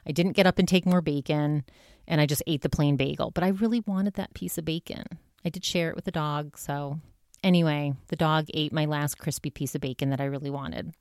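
A young woman with a low, smooth voice hosts her own podcast and chats openly about her week. Her talk is loose and candid, full of "like" and "you know". The sound is close and dry, with no room around it. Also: steady tone, fairly quick, a little mellow, dry recording. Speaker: podcast host. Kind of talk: casual solo podcast monologue.

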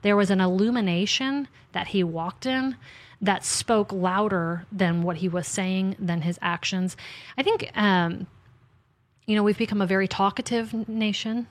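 A woman author and podcast host in casual faith conversation, chatty and animated, acting out her talks with God in little asides. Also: medium pitch, measured pace.

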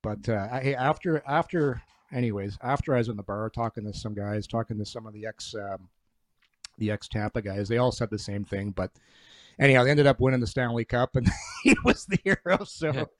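A man's voice: medium pitch, fairly quick, dry recording. A man, a former hockey player who now does broadcasts, telling rambling stories in a casual sports chat. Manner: rambling anecdotes with restarts.

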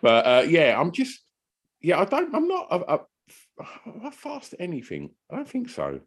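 A man's voice: on the high side, wildly swooping pitch, normal speed, breathy edge. A man, co-hosting a podcast, chatting casually and telling rambling stories with some swearing. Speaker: podcast co-host. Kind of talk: casual chat.

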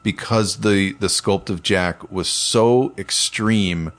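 A man with a fairly low voice chats casually about animated films, swearing freely and tripping over his own restarts. His delivery is loose and enthusiastic. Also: slow pace. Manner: profane, enthusiastic, rambling with restarts. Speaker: animation producer, podcast co-host. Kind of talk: casual chat.

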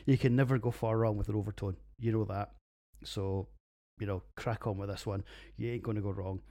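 A middle-aged man with a Scottish accent talks through his beers in a loose solo podcast. His voice sits a little low, and he is crude, sweary and jokey, with a rough pub-banter manner. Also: steady tone, a little fast, dark tone. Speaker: podcast host reviewing beers. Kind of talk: casual solo podcast monologue.

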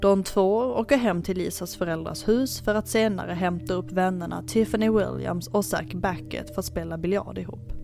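A woman hosting a podcast, reading a true-crime narration in a calm, even manner. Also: lowish voice, moderate pace, creaky, faint music behind. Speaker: podcast host.

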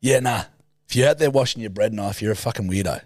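A man's voice: fairly low pitch, quick pace, a little mellow, no echo, clean studio sound. A man co-hosting a comedy podcast, teasing and swearing freely in casual banter. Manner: teasing, sweary, laughs a lot. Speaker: podcast co-host.

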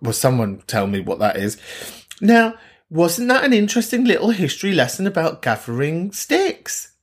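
A man's voice: a little high, very animated, moderate pace, breathy edge. A man hosting a podcast, chatting casually and swearing freely as he reacts to listener messages. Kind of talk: casual chat.

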